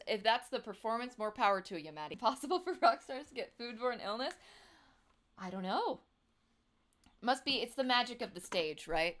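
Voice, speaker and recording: A woman's voice: on the high side, fairly bright tone. A woman in her twenties chatting casually on a livestream, giggly, with lots of fillers. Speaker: livestream host. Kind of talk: casual livestream chat with singing.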